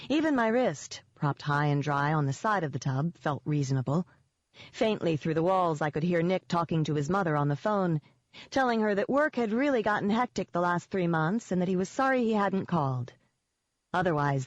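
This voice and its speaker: An audiobook narrator reading a first-person novel in a steady, measured way. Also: mid-range voice, no room sound. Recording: dull, dry lo-fi audio.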